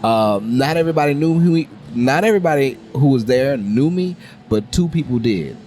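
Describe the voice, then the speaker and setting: A man's voice: mid-range voice, moderate pace, slight background noise. A young man from New Orleans hosting a casual podcast chat, telling stories with lots of acted-out voices. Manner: animated storytelling, acting out other people's voices. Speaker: podcast host.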